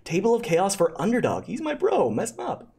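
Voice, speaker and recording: A game master narrating a tabletop game on a live stream, talking haltingly with many fillers and thanking donors. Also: mid-range voice, huge pitch swings, darkish tone, husky.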